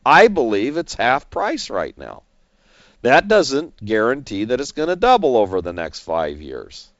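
A man managing investments, talking through a stock in measured commentary that leans on figures and numbers. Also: medium pitch, huge pitch swings, no room sound. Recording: dull, slightly lo-fi dry recording.

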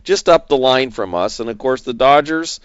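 A man's voice: medium pitch, animated, normal speed, smooth, no room sound, highs cut off. A middle-aged man hosting an investment show, talking in a rambling, chatty way with fillers and chuckles. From San Diego area. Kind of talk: casual market commentary.

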